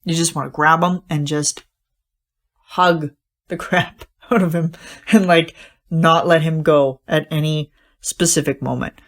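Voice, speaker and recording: A woman's voice: sits low, fairly even intonation, a little slow. A young woman hosting a podcast, talking casually in a gushing, rambling way with lots of fillers and restarts. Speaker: podcast host. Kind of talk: casual solo podcast talk.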